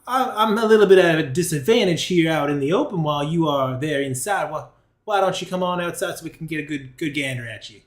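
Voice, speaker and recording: A man's voice: a little high, lively intonation, fast talker, few pauses, natural voice. A man voicing a scheming, overly polite male prospector who talks in flowery old-timey phrases. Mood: coaxing. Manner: flowery old-timey speech, hesitant restarts. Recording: roomy echo.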